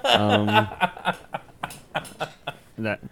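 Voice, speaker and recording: A man's voice: sits high, wildly swooping pitch, drawn-out words, gravelly, a bit bright. A young man co-hosting a podcast in casual chat, rambling, laughing often and swearing freely. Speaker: podcast co-host.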